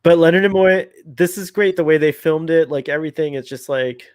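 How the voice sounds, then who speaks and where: A man's voice: fairly high pitch, brisk, a little mellow, no echo, studio quality. A man co-hosting a casual fan commentary, chatty, laughing often and rambling off into asides. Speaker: podcast co-host.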